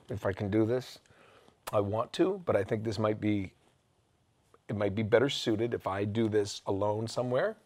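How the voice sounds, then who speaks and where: A man casually bantering while playing an old video game, self-mocking and breaking into excited outbursts. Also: lowish voice, normal speed, long pauses, soft background music. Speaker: game show co-host. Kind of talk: casual let's-play banter.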